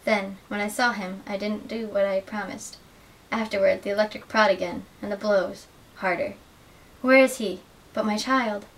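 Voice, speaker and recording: A young adult woman giving an earnest, measured dramatic reading of literary excerpts as a student reader. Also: medium pitch, steady tone. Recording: distant mic with faint hiss.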